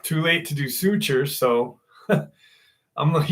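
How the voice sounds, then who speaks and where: A man hosts a live stream and tells a rambling story in an unhurried, drawn-out way. His voice is bright and forceful, and he swears and laughs often between lines. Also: on the high side. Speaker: host. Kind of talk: casual live-stream chat.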